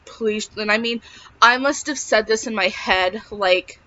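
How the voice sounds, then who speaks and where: A woman's voice: medium pitch, a little slow, sharp tone, a little hiss or hum. A young woman telling a personal story in a casual vlog, chatty and full of filler words. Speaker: vlogger. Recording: slightly dull lo-fi sound.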